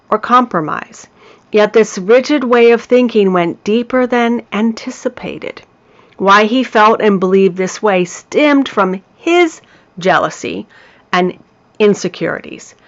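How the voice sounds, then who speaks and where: A woman hosting a self-help talk, speaking in a slow, deliberate and measured way. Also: mid-range voice, highs cut off. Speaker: hypnotherapist and podcast host.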